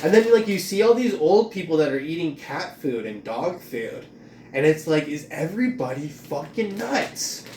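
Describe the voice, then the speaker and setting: A man with a fairly high voice rants in a rambling, profanity-laced tirade, his anger building as he goes. He is recorded a little away from the mic in an echoey room. A faint hum of room ambience sits behind him. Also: big pitch swings, moderate pace, darkish tone, recorded from a distance. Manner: angry, rambling, heavy swearing. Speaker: vlogger venting about job loss. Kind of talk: profane venting monologue.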